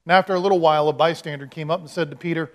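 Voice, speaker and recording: Higher-voiced man preaching conversationally. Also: fairly even intonation, rapid-fire. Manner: conversational storytelling, acting out quotes. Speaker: pastor. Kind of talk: sermon.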